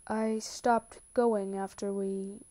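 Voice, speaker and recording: A woman's voice: mid-range voice, flat delivery, takes it slowly, warm tone, natural voice. A woman voicing a tender, determined young man in a read-aloud story, with little change from her own voice. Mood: earnest.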